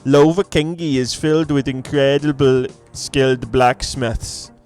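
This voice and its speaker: A man's voice: mid-range voice, fairly even intonation, measured pace, a little mellow, faint music behind, lightly acted. A man voicing a proud male dwarf who boasts about his city's smiths, in a put-on Norse accent that slides toward Scottish as he reads game dialogue aloud. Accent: put-on Norse drifting Scottish. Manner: boastful, stately recitation.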